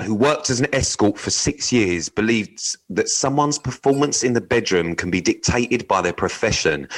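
A man's voice: lowish voice, fairly bright tone, low-quality recording. A young man co-hosting a casual chat show, reading odd news stories aloud with jokey, wry asides and casual swearing. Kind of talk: casual radio-style chat.

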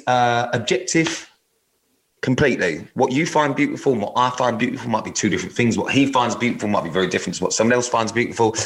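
A man co-hosts a casual podcast. His voice sits at an ordinary mid pitch, and he talks bluntly and drops plenty of slang and swearing along the way. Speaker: podcast co-host. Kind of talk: casual banter and reading out news stories.

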